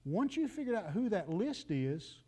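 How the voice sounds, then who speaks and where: A man's voice: high voice, sing-song, moderate pace, dark tone, slightly rough. A man, preaching a folksy, joking sermon and talking straight to the congregation. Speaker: pastor.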